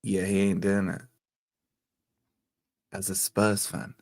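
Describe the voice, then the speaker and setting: A young man who hosts a football fan channel leads a casual chat with fans, telling animated, rambling stories and swearing freely. His voice is deep and his pace slow.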